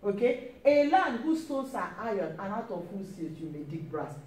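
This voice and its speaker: A woman preaches in a sing-song, slightly mellow, medium-pitched voice at a moderate pace, stressing and repeating key phrases amid frequent praise. The distant mic captures an echoey church hall and faint hiss.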